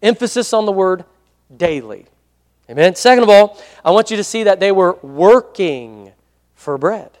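Male pastor, high voice, chatty sermon, asks for amens, reverberant church hall. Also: normal speed. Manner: conversational preaching with frequent amen prompts.

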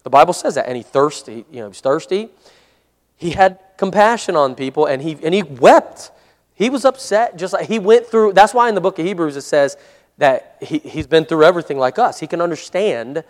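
A man leading a casual Bible study as a pastor, conversational and given to chuckles and "Amen?" checks, slowing into a measured tone when reading scripture aloud. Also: a little high, animated, in a large hall. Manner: conversational, chuckles often, asks "Amen?" and "right?".

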